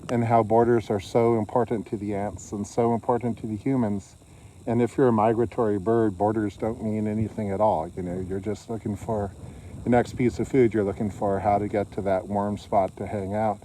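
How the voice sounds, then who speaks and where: A man's voice: on the low side, a little mellow, a little hiss or hum. A man talking through a book summary in a loose, conversational way, with frequent fillers and restarts. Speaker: book reviewer. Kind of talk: casual spoken book summary.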